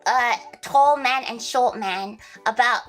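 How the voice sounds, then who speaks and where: A woman's voice: a little high, slow pace, fairly bright tone, faint music behind. A young Australian woman streaming and chatting casually, rambling with lots of fillers, giggles and swearing. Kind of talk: casual livestream chat.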